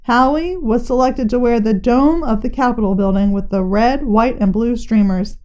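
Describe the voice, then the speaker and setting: A woman reading a children's novel aloud in a lively storybook manner, briefly putting on character voices. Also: a little high, normal speed, lo-fi sound.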